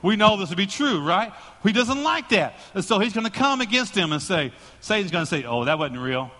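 A male pastor preaching a sermon and telling a joking, animated story to his congregation. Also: high-pitched, brisk, long reverb tail.

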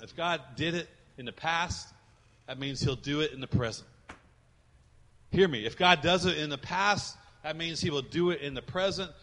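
A male pastor preaching a sermon in a church, swinging between loud emphatic lines and soft quiet ones. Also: a little high. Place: church sanctuary with congregation. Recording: reverberant hall.

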